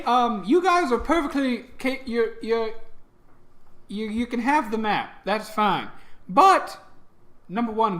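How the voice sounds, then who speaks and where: A man's voice: high-pitched, bright, forceful tone, voice pushed up, heavily acted. A man voicing a mischievous male gnome god of humor, chummy and rambling, in a tabletop game.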